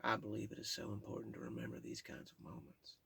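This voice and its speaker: A man's voice: fairly low pitch, monotone, quick pace, creaky, a bit bright, husky. A man reading his own memoir aloud in a candid, plain-spoken way, with casual asides. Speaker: memoir narrator.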